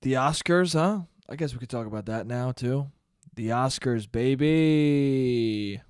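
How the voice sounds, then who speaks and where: A young man hosting his own podcast, ranting alone in a casual, profane, animated way and calling listeners "dude.". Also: mid-range voice, a little fast, dry recording, studio quality. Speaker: podcast host. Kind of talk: solo podcast rant. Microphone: studio mic he checks the levels on.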